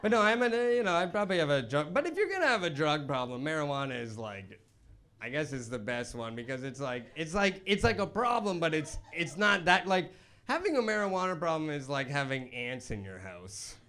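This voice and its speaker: A man doing a stand-up comedy set on stage into a handheld microphone, with a hesitant, self-deprecating, halting delivery. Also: on the high side, very animated, bright, forceful tone.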